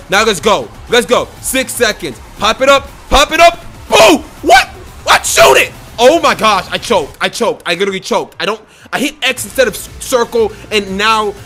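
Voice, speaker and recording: Man, high lively voice, bright, hyped gameplay commentary, game music behind. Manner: hyped, trash-talking, repeats phrases. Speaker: gaming YouTuber.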